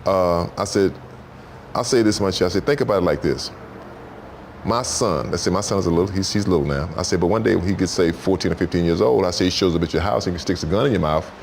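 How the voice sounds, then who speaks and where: A man telling stories on a talk show, in an animated, repetitive way, jumping into high voices for quotes. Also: fast, creaky, a little hiss or hum. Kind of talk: storytelling talk-show chat.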